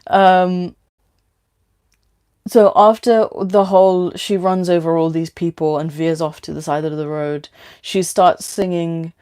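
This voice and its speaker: Woman streamer, lowish voice, halting and giggly, reads chat and her own story aloud. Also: steady tone, a little mellow, clear, resonant tone. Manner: halting, many fillers, giggly and self-deprecating. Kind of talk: casual livestream chat and reading aloud.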